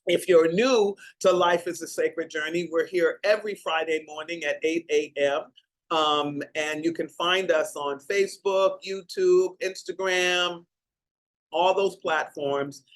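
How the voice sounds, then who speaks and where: A woman's voice: on the low side, fairly even intonation, slow, low-quality recording. An older woman hosting a heartfelt talk show, speaking in an emotional way and stretching out her words. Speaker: host.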